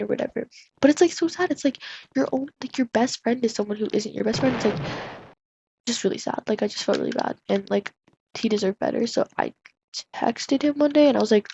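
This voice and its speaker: A woman's voice: fairly high pitch, brisk, creaky, long pauses, darkish tone. A woman telling a story casually to camera, rambling and chatty with constant "like" fillers. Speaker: vlogger. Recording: dull lo-fi audio with faint hiss.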